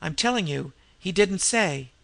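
A man's voice: high-pitched, animated, a little slow, vocal fry, fairly bright tone, no echo, heavily acted. A man voicing a crafty, disreputable old male fence who grunts and snarls threats. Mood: gruff.

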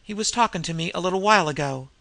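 A man's voice: sits high, lively intonation, racing, gravelly, pushed and bright, no room sound, full character voice. A man voicing a crafty, disreputable old male fence who grunts and snarls threats. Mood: gruff.

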